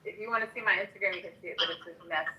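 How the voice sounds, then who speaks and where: A woman's voice: fairly low pitch, very fast, low-quality recording. A woman hosting a live online chat, talking casually and laughing easily with her guest. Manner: chatty, laughs easily, lively. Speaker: live stream host.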